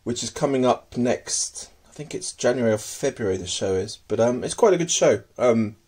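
A man with a medium-pitched, expressive voice speaks at a moderate pace, a little mellow with a breathy edge. He's a tarantula keeper casually showing off his pets at home in a hobby video, hesitant and full of ums as he murmurs fondly to them.

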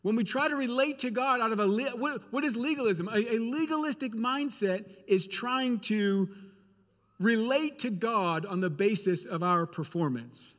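High-voiced male preacher in a reverberant church. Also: moderate pace, fairly bright tone. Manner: earnest, repeats phrases for emphasis. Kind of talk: sermon.

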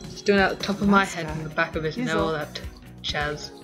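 A young woman giving casual gameplay commentary, rambling and giggly as she thinks aloud with many pauses. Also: low voice, fairly even intonation, music in the background. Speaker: let's play host.

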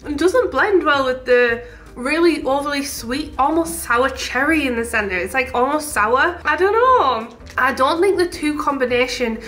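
Bubbly Teesside woman with a bright, high voice. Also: lively intonation, moderate pace. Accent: Teesside English. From Teesside, northeast England. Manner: bubbly, chatty, gushing. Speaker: shop owner and vlogger. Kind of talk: casual chat while tasting sweets.

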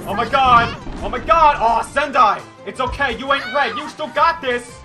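A man streaming a video game, commentating live and cheering and shouting at the screen. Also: extremely high pitch, moderate pace, over music. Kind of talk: excited live gameplay commentary.

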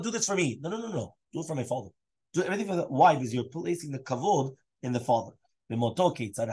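A man's voice: medium pitch, darkish tone, breathy edge. A man, a rabbi, teaching a Talmud class, mixing Hebrew and Aramaic terms into his English and quizzing his students. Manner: asks students questions. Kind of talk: Daf Yomi Talmud class.

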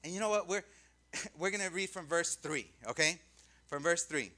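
Bright, high-voiced male pastor preaching. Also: moderate pace. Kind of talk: sermon.

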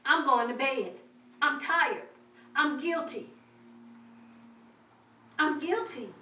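A middle-aged woman preaches in a church sanctuary with a fervent, repetitive cadence. Her voice is high, sharp, and slow, picked up from far off in an echoey room.

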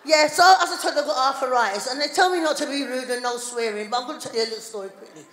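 A middle-aged woman doing a live stand-up routine, loud and chatty with the crowd. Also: sits high, very fast. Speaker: stand-up comedian. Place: large hall on stage before a live audience. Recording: echoey hall, live audience noise.

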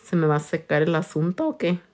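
A woman's voice: deep voice, sing-song, fast. Bilingual nail tech woman, playful. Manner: bilingual code-switching, crude and playful, frequent loud laughs. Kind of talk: casual livestream chat while doing nails.

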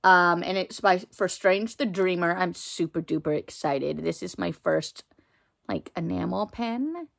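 A young woman unboxes a parcel for her book channel, talking at an unhurried pace. She keeps saying how excited she is and fills her sentences with little fillers. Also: fairly low pitch, creaky. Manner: chatty, excitable, lots of fillers. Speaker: book vlogger. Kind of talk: casual unboxing chat.

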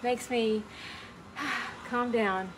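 A woman's voice: fairly high pitch, fairly even intonation, extremely slow, background noise. Chatty woman teaching a painting class. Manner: gentle, chatty, greets viewers by name. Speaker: painting instructor. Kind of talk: live online painting class.

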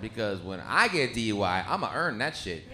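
A man doing a crude, animated stand-up comedy set on a club stage, slipping into put-on voices as he tells stories. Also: lowish voice, moderate pace. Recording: echoey club with noisy crowd. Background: audience laughter.

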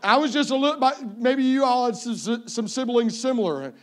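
A man's voice: very high-pitched, moderate pace. A man in his fifties preaching a sermon as a visiting evangelist, telling playful, self-mocking stories and often repeating his first word. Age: 50s. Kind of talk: sermon with humorous family stories.

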